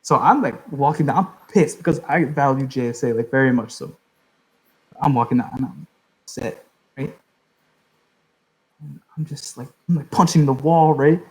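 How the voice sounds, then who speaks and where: A man's voice: mid-range voice, moderate pace, pauses often, darkish tone, low-quality recording. A young adult man hosting a podcast, telling a long story in a loose, rambling way, leaning on "like" and "right?". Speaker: podcast host. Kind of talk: casual storytelling.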